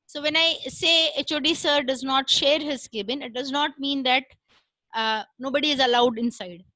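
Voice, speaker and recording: Woman lecturer, high voice, explains patiently with filler pauses. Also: fairly even intonation, pushed and bright, no echo, rough recording. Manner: explains step by step with frequent "uh" pauses and "right?" checks. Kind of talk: recorded classroom lecture.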